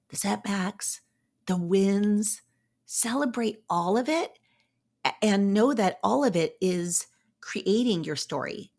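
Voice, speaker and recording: A woman hosting a podcast, talking casually and encouragingly, upbeat and chatty with playful asides. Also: mid-range voice. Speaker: podcast host. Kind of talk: casual motivational talk.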